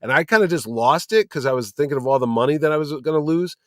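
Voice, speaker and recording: Animated male storyteller, dry sound. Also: fairly high pitch, fast talker, no room sound. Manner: lively storyteller who acts out quoted people. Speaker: convention founder and producer, guest. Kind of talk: casual podcast chat, anecdotes.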